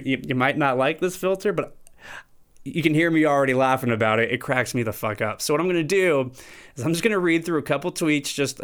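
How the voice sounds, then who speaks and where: Animated, profane male podcast host. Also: medium pitch, clear, resonant tone. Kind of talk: casual comedic rant.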